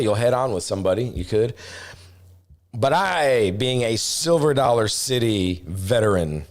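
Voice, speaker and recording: In a medium-pitched voice, a middle-aged travel vlogger casually recounts a story, rambling and restarting, and livens up when acting out different voices.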